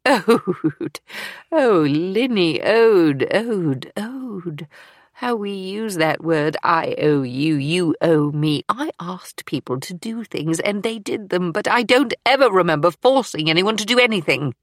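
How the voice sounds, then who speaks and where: A brisk older spymaster with a dry, matter-of-fact edge and a lowish voice, as a woman reads her in an audiobook. The recording is close and dry. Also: animated, no echo, close to an everyday voice. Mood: wry. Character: older woman, former wartime intelligence officer, brisk and wry. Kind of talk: audiobook character reading.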